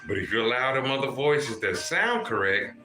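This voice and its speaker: A man's voice: medium pitch, very animated, moderate pace, pushed and bright, roomy sound, faint music behind. A man hosting a livestream, lecturing his viewers in a profane, preachy way and calling out to people in the chat. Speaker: livestream host.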